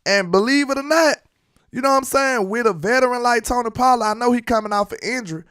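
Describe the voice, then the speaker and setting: A young man hosting a casual sports livestream, answering chat in a relaxed way. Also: very high-pitched, fast talker. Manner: chatty, reads and answers chat comments. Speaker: sports live-stream host. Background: hip hop beat playing.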